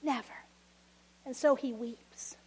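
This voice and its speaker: A woman preaching a sermon, expressive and laughing often, acting out voices of people from the story. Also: high-pitched, takes it slowly, breathy edge.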